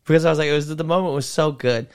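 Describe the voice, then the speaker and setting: A man's voice: on the high side, steady tone, rapid-fire, clear, resonant tone. A man who is a comedian, telling rambling stories in a casual podcast chat. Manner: rambling storyteller, drops into impressions. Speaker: comedian guest.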